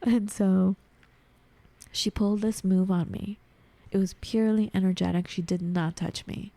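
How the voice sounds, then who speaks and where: A woman tells a personal story on a podcast with a gravelly, mellow voice. She talks animatedly, slips into the voices of people she quotes, and scatters filler words throughout. Her voice is recorded dry and close. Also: mid-range voice, fairly even intonation, a little slow, no room sound. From United States. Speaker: podcast guest. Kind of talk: conversational storytelling.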